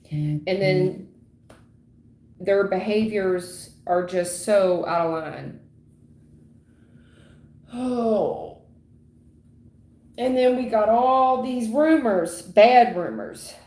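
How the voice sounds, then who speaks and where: A woman giving a livestream tarot reading in a dramatic, repetitive way, acting out sudden endings with loud exclamations. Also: medium pitch. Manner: dramatic, repetitive, full of sound effects. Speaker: tarot reader. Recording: echoey room.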